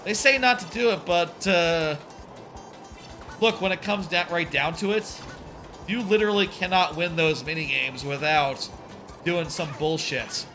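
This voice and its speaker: A man's voice: on the high side, unhurried, pushed and bright. A young man streaming a game for charity, rambling through casual commentary with lots of fillers and casual swearing. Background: faint game music.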